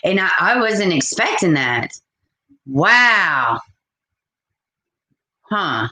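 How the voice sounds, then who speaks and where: A woman hosting a casual live stream, chatting and reacting out loud to viewer comments. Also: lowish voice, very animated, very slow, roomy sound. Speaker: live-stream host reading chat.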